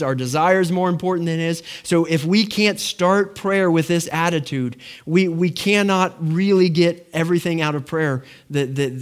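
Pastor, male, fairly high voice, conversational sermon, earnest delivery. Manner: earnest, conversational preaching with frequent restarts.

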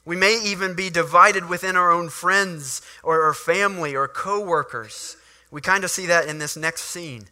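Bright-voiced, animated male preacher. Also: high voice, moderate pace. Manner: animated, acts out scenes. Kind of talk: sermon.

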